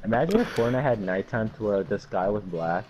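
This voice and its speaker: A woman's voice: rumbling low, expressive, a little fast, soft background music. A woman in gaming voice chat, giggly and laid-back. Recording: loud noise on game capture.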